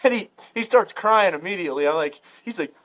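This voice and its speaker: A man with a somewhat higher voice spins a long, rambling hunting yarn in casual chat. He is loose and profane, and he jumps his pitch up whenever he acts out what someone said. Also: animated, brisk, a bit bright. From Ohio. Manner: rambling, profane storyteller full of filler words. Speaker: podcast guest storyteller.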